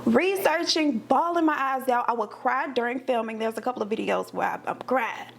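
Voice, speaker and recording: A woman's voice: a little high, moderate pace, vocal fry, slight background noise. A woman talking as a podcast guest in a casual, chatty way, acting out her own thoughts as she tells a personal story.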